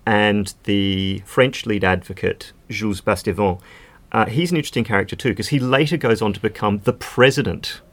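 Low-voiced man explaining legal history. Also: normal speed, a bit bright. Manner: explanatory, fluent, with casual fillers. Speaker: legal expert guest. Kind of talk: podcast conversation.

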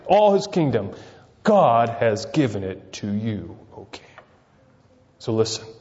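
A man preaching a sermon, peppering it with rhetorical questions and swinging between loud emphasis and quiet asides. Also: medium pitch. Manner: rhetorical, keeps asking "right?". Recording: dull sound with long reverb.

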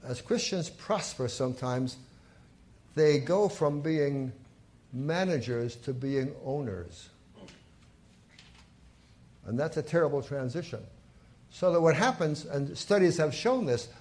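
A man's voice: a little high, darkish tone. A man preaching a sermon in a church, telling stories and stressing key points with rising emphasis. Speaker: pastor.

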